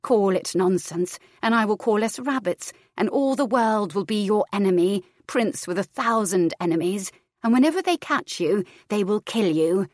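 A woman voicing a haunted young twin woman who speaks in a raspy, riddling way. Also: mid-range voice, expressive, normal speed, dry recording, studio quality, lightly acted. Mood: portentous. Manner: quotes riddles in a lilting, portentous way.

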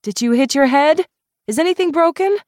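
A woman's voice: a little high, very animated, takes it slowly, darkish tone, dry recording, clean studio sound, voice pushed up, full character voice. A woman voicing a guarded young woman who speaks in a clipped, urgent way. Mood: firm, concerned.

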